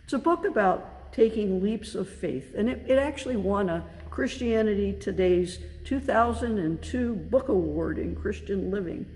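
A woman pastor preaching a sermon in a church, measured and deliberate, leaning on key words for emphasis. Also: medium pitch, animated, a little mellow. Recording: long reverb with faint background noise.

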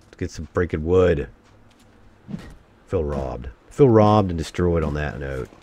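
A low-pitched man narrates a survival game as he plays it. His voice leaps up and down as he mutters to himself and breaks into exasperated curses. A faint hiss of noise sits under the recording. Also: animated, unhurried, warm tone. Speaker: let's-play host. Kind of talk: let's-play commentary.

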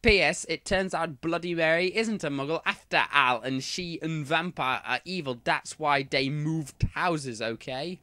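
A man voicing a defensive, snippy teenage girl author who talks slowly and deliberately. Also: fairly high pitch, pushed and bright, no echo.

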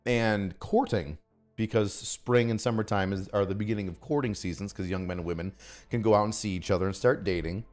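A man hosting a casual stream, roasting his guest with loud mock-angry rants and heavy swearing. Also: fairly low pitch, a little fast, soft background music. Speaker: podcast host.

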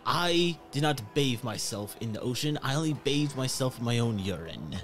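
A man voicing a crude, blind old male pirate with a slow pirate drawl. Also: medium pitch, animated, soft background music, close to an everyday voice. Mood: gruff.

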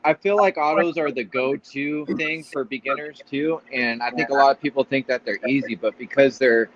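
A man's voice: mid-range voice, normal speed, muffled recording, a little hiss or hum. A man in a casual chat, speaking measuredly with hesitant fillers.

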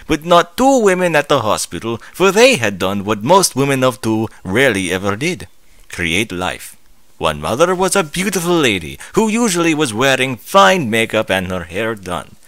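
A man reading a story aloud as narrator, with expressive rises and falls. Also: mid-range voice, normal speed, no room sound. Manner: expressive storytelling, rising and falling.

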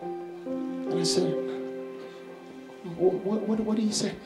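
A man preaching a sermon, his voice pitched high. He tells a family story to his church while an instrument plays along. The sound is echoey, as in a large sanctuary. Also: steady tone, slow, loud music behind the voice. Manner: shouting exhortations, then telling a family story. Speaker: pastor.

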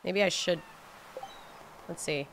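A woman's voice: lowish voice, takes it slowly, vocal fry, slight background noise. A young woman streaming a game, chatting in a bubbly way with her viewers. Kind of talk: casual gameplay livestream.

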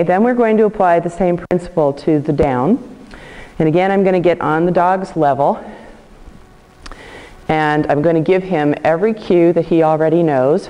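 A woman dog trainer calmly explaining a training method and praising her dog during a demonstration. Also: smooth. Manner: calm explaining, praising the dog in high bursts. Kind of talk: instructional demonstration. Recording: long hall reverb.

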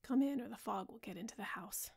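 A woman reads a petulant young gentleman, airy and bored. The delivery is soft and unhurried for a sleep story, with a gravelly edge to the voice. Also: fairly high pitch. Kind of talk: bedtime audiobook reading.

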